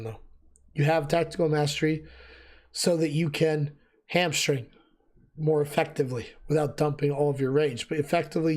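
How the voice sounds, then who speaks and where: Man losing his voice explaining gear. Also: on the high side. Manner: relaxed, thinking aloud with fillers. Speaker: gaming video host. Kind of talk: casual gameplay gear explanation.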